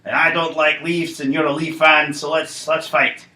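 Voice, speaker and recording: A man's voice: on the high side, little pitch movement, normal speed, pushed and bright, roomy sound, voice pushed down, poor audio. A man voicing a hot-headed male fighter with claws who picks fights, talking in a brash, quarrelsome way.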